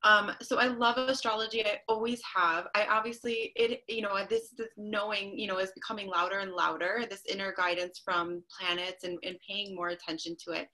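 A woman hosting a relaxed podcast conversation. Her voice is bright and clear, set at an ordinary pitch for a woman. She talks in loose, winding sentences full of "um" and "you know". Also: brisk, hardly any pauses. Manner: warm-hearted rambling with many fillers. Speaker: podcast host. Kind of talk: casual interview chat.

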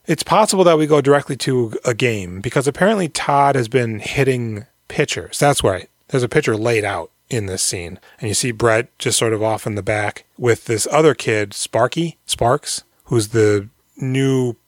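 A man co-hosting a casual podcast, retelling a movie plot in a rambling, deadpan way with some swearing. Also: mid-range voice, moderate pace, few pauses, no room sound, clean studio sound. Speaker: podcast co-host recapping a movie. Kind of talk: casual chat.

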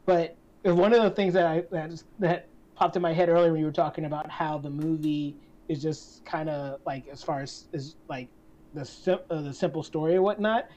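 Female podcast co-host, lower voice, thoughtful and halting, dull lo-fi recording. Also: fairly even intonation, mellow. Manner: thoughtful, restarts sentences, hedging. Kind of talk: casual chat. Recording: slightly dull lo-fi sound.

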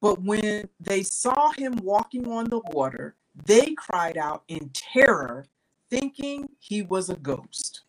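A woman reading scripture aloud in a Bible study, slow and deliberate. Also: medium pitch, sing-song, rough recording. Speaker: scripture reader.

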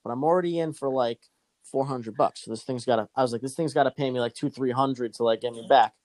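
A man's voice: medium pitch, fast, a little mellow, no room sound. A young man casually telling a long, profane gambling story to a friend.

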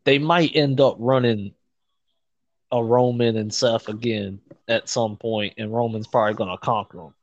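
Male co-host, excitable, laughs a lot, street slang, mid-pitched, dead-dry muffled recording. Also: normal speed, dry recording. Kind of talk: casual wrestling chat.

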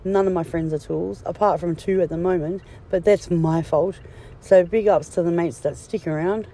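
A woman's voice: on the low side, steady tone, moderate pace, mellow. A woman vlogging casually on a phone from a car and a clinic, blunt, joking and full of swearing. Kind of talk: casual vlog chat.

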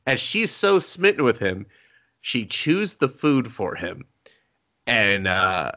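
A man co-hosting a podcast in casual chat, animated and profane, laughing often as he recaps shows over a remote call. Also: mid-range voice, takes it slowly. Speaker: podcast co-host.

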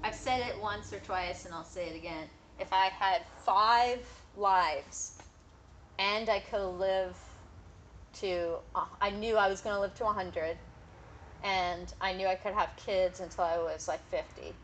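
Woman podcast host, lowish voice, blunt and profane, faint room hiss. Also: steady tone, normal speed, poor audio. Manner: frank, swears freely, thinks aloud. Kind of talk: casual chat.

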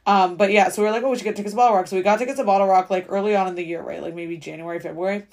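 Young woman, 20s, podcast host; fast, filler-heavy, casual monologue. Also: medium pitch, steady tone, a little mellow. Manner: rambling, filler-heavy valley-girl talk with frequent swearing; fast, chatty storytelling.

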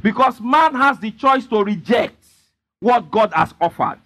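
A man's voice: high-pitched, expressive, unhurried, a bit bright. A man preaching a sermon as pastor, emphatically prompting the congregation to answer him. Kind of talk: sermon with call-and-response.

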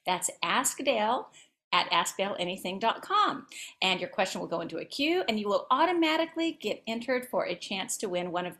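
Lively, bubbly woman podcast co-host. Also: a little high. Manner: bubbly, laughs at her own slip-ups. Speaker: podcast co-host reading listener questions. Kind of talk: casual podcast chat and question reading.

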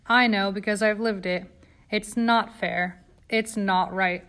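A sharp-tongued sixteen-year-old factory girl, voiced by a woman reading a storybook. She speaks forthrightly and with indignation, and her pitch sits in the middle. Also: steady tone, slow pace, clear, resonant tone. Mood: indignant. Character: bold outspoken teen girl factory worker.

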